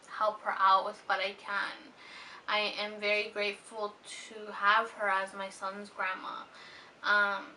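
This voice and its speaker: A young woman in her twenties speaks earnestly and tenderly to her viewers, filling her pauses with soft ums. Her voice is bright and clear in tone. The mic sits a little away from her, with a faint hiss underneath. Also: mid-range voice, distant mic, low-quality recording. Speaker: vlogger. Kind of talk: heartfelt personal vlog talk.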